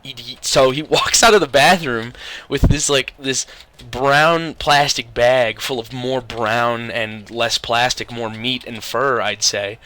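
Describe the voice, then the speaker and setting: Young male storyteller, bright tone, loose profane rambling with restarts. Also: mid-range voice. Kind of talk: casual storytelling.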